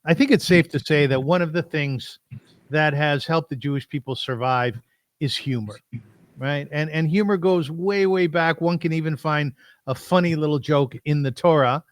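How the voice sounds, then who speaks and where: A man's voice: fairly high pitch, normal speed, dry recording. A man hosting an interview show, talking in a chatty way and laughing easily. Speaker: host. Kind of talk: casual interview talk.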